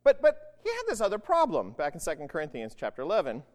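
Conversational preacher in a reverberant hall. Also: male voice, fairly high pitch, wildly swooping pitch, fast. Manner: conversational, keeps asking "right?". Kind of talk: sermon.

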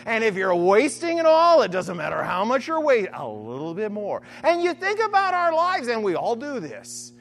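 A preacher teaching from scripture in a sermon, animated, often checking in with "right?" and acting out imagined voices. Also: medium pitch, moderate pace, hardly any pauses. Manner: animated, keeps asking "right?". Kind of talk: sermon-style Bible teaching.

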